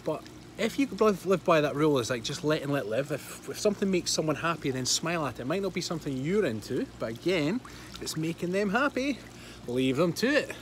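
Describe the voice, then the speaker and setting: A man's voice: a little high, sing-song, a little fast, a little hiss or hum. Chatty Scottish man livestreaming by a pool. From Scotland. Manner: chatty, laughs often, reads out viewer comments. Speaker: livestream host. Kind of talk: casual livestream chat. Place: outdoors by a pool.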